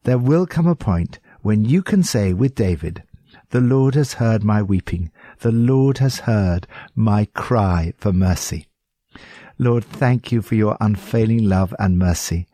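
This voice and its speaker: A man's voice: lowish voice, animated, a little slow, warm tone, no room sound, studio quality. A man with an English accent giving earnest, pastoral devotional commentary on scripture.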